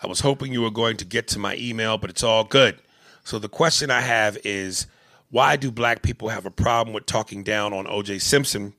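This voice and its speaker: A man's voice: fairly low pitch, a little fast, sharp tone, no room sound. A man co-hosting a casual podcast, joking loosely and swearing often while he reads listener mail. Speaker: podcast co-host.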